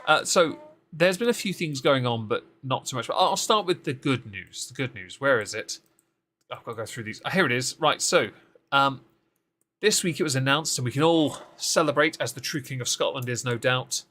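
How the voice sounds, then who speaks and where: A man's voice: medium pitch, lively intonation, moderate pace, bright, forceful tone. Sarcastic man riffing on politics. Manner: sarcastic, mocking asides. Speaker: co-host of a political recap show. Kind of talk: casual live-stream political commentary.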